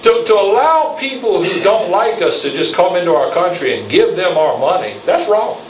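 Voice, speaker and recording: A man preaches a fiery sermon from the pulpit, his fairly high voice climbing as he presses his points and calls for amens. The sound is roomy and distant, with faint hiss behind it. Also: expressive, normal speed. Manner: preaching with rising intensity, calls for amen. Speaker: pastor. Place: church sanctuary. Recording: echoey church, mic from afar.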